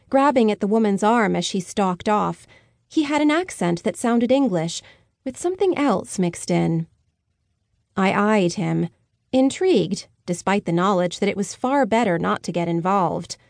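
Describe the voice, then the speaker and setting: A woman's voice: mid-range voice, a little mellow, dry recording, clean studio sound. A woman narrating a story in the first person, with wry, sardonic inner commentary. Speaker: audiobook narrator.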